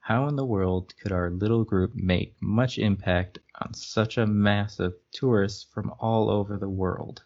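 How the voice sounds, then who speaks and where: A man's voice: lowish voice, fairly even intonation, measured pace, hardly any pauses, darkish tone. A man co-hosting a casual podcast, reading a book aloud and making wry, joking remarks about it. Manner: wry, laughs at the text. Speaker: podcast co-host. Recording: muffled lo-fi recording.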